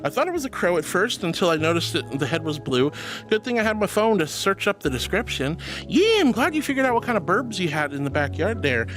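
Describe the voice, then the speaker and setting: High-voiced affectionate male streamer. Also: a little fast, faint music behind. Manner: affectionate, calls viewers honey and darling; bursts into excited high squeals. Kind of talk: livestream chat reading.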